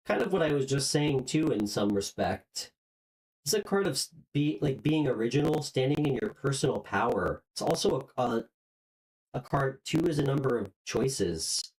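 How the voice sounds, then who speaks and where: A woman with a very deep voice hosts a live tarot reading, speaking warmly and directly to her viewers. She is emotional and openly moved, hesitant, with lots of ums and restarts. Her intonation is lively and her pace measured, though the recording is rough.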